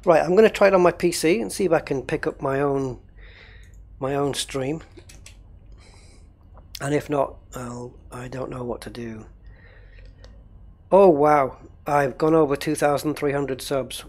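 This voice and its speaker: A man's voice: on the high side, fairly even intonation, measured pace, vocal fry, long pauses, darkish tone. A man running a gaming livestream, rambling casually and thinking aloud while he troubleshoots.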